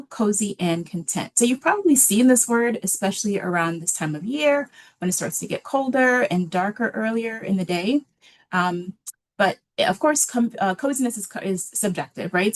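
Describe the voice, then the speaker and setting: A woman presenting a library webinar in a relaxed, casual way, with many filler ums. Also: medium pitch.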